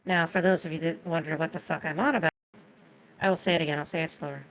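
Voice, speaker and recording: A woman's voice: sits low, steady tone, quick pace, gravelly, rough recording. A woman whose first language is Japanese, giving chatty, swearing commentary on a game and talking to her chat. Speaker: streamer.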